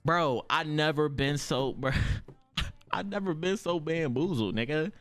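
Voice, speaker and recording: A young man streamer, telling a story casually, swearing freely and jumping his pitch high when he acts out quotes. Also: unhurried, fairly bright tone, soft background music.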